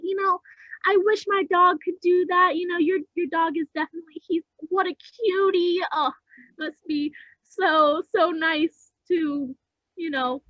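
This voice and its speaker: A young woman plays a sweet, doting dog owner who gushes and trips over her words. Her voice is very high, and it sounds dry and close with no room echo. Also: fairly bright tone. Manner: halting, repeats words, gushing. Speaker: improv comedy performer.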